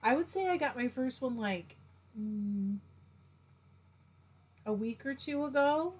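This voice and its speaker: A woman's voice: high voice, animated, slow, a little mellow, slightly rough. A middle-aged woman hosting a casual live stream, chatting and greeting viewers by name as she reads their comments.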